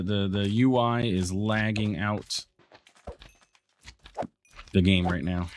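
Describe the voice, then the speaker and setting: A man's voice: lowish voice, a little hiss or hum. A man hosting a game let's play, thinking aloud in casual commentary and talking back to the game.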